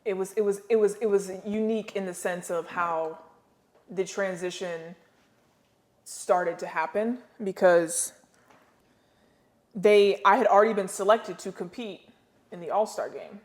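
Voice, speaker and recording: American woman on a podcast, slangy, acts out voices, mid pitch. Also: measured pace, pauses often, a little mellow. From United States. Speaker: podcast guest, former pro basketball player. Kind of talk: casual storytelling interview.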